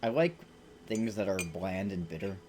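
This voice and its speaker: Low-voiced rambling game streamer. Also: male voice, expressive, normal speed, darkish tone. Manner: rambling, self-deprecating, joking. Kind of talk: let's play commentary. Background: game music.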